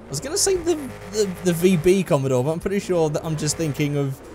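Lively, rambling gaming-channel man. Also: fairly high pitch, fast, a little hiss or hum. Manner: rambling and self-deprecating, with frequent restarts. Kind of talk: casual commentary over gameplay. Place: small room alone. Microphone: desk microphone.

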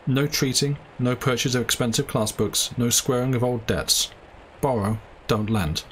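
A man playing a worldly, cynical male doctor who talks calmly and persuasively, lecturing and coaxing. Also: mid-range voice, moderate pace, a little hiss or hum, natural voice.

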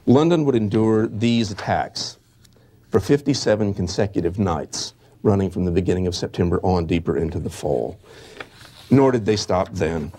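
Lower-pitched man giving a history lecture. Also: warm tone. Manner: measured, halting, with restarts. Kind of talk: lecture reading from eyewitness accounts.

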